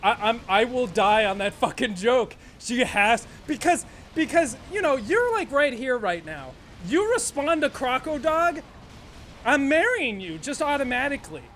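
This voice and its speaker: A man's voice: very high voice, very animated, a little slow, fairly bright tone, a little hiss or hum. A young man streaming a game, chatting in a rambling, profane way and laughing often. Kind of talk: casual gameplay chat.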